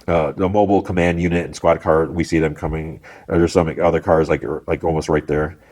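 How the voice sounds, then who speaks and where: A man's voice: a bass voice, steady tone, a little fast, darkish tone. A man hosting a podcast, casually recapping a TV episode in a rambling way with many fillers. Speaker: podcast host.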